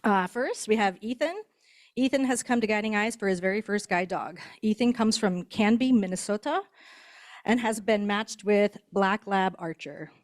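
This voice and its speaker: A woman's voice: medium pitch, moderate pace. A woman who trains guide dogs, introducing graduates at a ceremony in a chatty way, laughing now and then. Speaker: guide dog instructor. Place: indoor ceremony hall.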